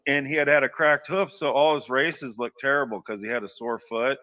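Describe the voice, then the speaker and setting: A man's voice: mid-range voice, moderate pace, pushed and bright, recorded from a distance. A man telling a long personal anecdote in a casual, rambling way, full of restarts and asides. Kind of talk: casual storytelling.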